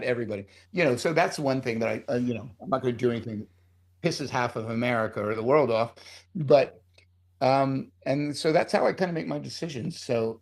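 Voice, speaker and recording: A man's voice: mid-range voice, darkish tone. Heated, profane middle-aged man. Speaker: screenwriter being interviewed. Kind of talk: casual interview talk.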